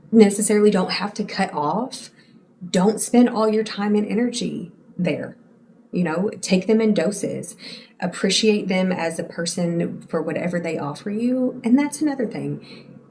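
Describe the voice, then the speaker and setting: A woman's voice: on the low side, a little mellow, a little hiss or hum. A woman in her late twenties hosting a podcast alone, talking candidly and casually to her listeners, calling them y'all and swearing now and then. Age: late 20s. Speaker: podcast host. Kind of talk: casual solo podcast monologue.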